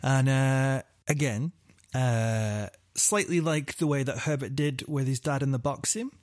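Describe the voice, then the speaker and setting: A man talking through a true-crime story as a podcast host, loose and rambling, stuffing his sentences with fillers and throwing in the odd casual swear. His voice sits at an ordinary middle pitch. The sound is dry and close, with no room echo. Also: unhurried.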